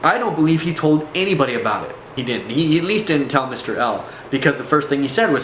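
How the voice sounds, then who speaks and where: A man's voice: on the high side, expressive, fast talker, few pauses, a bit bright. A man telling a personal story in a casual, rambling way, with fillers and restarts. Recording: echoey room, faint background noise.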